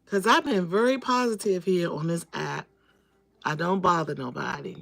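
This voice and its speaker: A woman runs a casual livestream, speaking directly to her viewers, greeting them by name and repeating phrases for emphasis. Her voice is on the low side and fairly bright, with some creak, at a normal speed.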